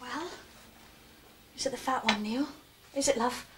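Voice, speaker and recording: A woman's voice: on the high side, measured pace, very noisy, close to an everyday voice. An actress playing a proper, fussy mother of a young schoolboy, prim and correcting but tender with him. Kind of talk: television drama acting. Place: breakfast table indoors. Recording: loud clatter of dishes and cutlery.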